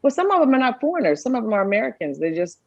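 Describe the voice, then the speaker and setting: A woman from California co-hosting a casual podcast, quick to laugh and to jump in over others. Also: on the high side, big pitch swings, gravelly, no echo, dull audio. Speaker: podcast co-host. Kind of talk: casual chat.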